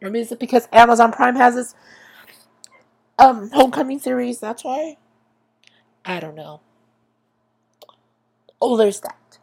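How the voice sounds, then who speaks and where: A woman's voice: a little high, measured pace, vocal fry, long pauses, darkish tone. A young woman hosting a podcast, talking in a rambling, self-interrupting way that often stops and restarts, swearing freely, her voice tired and strained. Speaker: podcast host. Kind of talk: casual monologue about TV.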